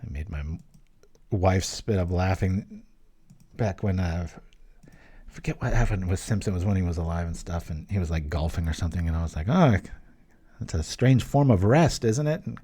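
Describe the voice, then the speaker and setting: A man's voice: sits low, fairly quick, dark tone, husky. A man giving casual, rambling commentary over a card game he is playing, joking and chatting between plays. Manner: rambling, jokey, chatty asides. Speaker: gameplay commentator.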